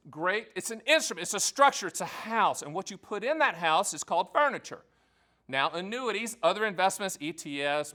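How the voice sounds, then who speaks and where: A man hosting a direct-to-camera explainer as an annuity agent, talking in an energetic, joking and emphatic way. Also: on the high side. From American South. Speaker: annuity agent hosting his own channel.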